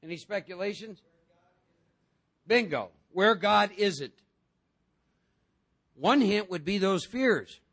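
A man with a high, gravelly voice talks to a recovery group in a lively, joking way. He acts out other voices and pulls the room along with questions. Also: slow, long pauses. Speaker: recovery meeting speaker.

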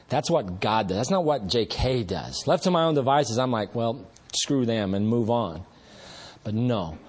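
At a meeting, a man shares his recovery story in a medium-pitched, slightly mellow, slightly rough voice. He's earnest and rambling, speaking conversationally and restarting often.

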